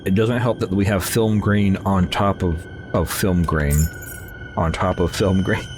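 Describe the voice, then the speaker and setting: A man's voice: low voice, steady tone, a little slow, over music. A man casually commenting while he plays a horror game, rambling and joking with himself and talking back at the game. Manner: rambling, self-mocking, talks to the game. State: slightly nasal after sneezing. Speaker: let's play host.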